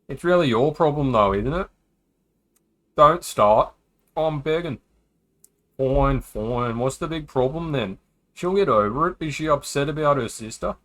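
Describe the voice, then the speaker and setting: With a medium-pitched, slightly bright voice, a man voices a visual novel's dialogue for his stream. The reading is casual, punctuated by jokey remarks between lines.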